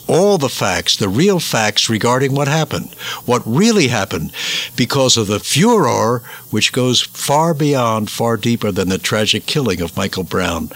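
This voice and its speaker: Bright-voiced man preaching emphatic commentary. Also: medium pitch. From United States. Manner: emphatic, repeats words for stress, rising indignation.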